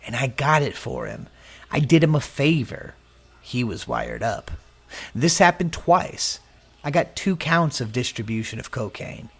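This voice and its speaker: A man's voice: medium pitch, creaky, slightly rough. A man preaching a sermon, mixing personal testimony with scripture and acting out the voices he quotes.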